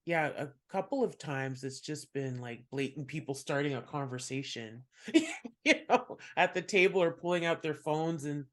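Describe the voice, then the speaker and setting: A podcast host and comedian who chats casually, offers many encouraging affirmations and laughs softly. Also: medium pitch, animated, moderate pace. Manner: warm, encouraging listener, frequent affirmations and soft laughs. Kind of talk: casual interview chat.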